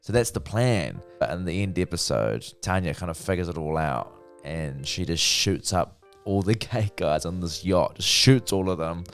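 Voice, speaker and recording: A man's voice: deep voice, normal speed, faint music behind. A man giving a casual, profane, chatty review of a TV series. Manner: chatty, profane, lively retelling. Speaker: TV review vlogger.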